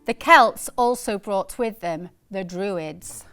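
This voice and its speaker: A woman presenting a history lesson, briskly correcting and explaining. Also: mid-range voice, a bit bright, clear, resonant tone, soft background music. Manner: brisk, matter-of-fact corrections. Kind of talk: educational presenting.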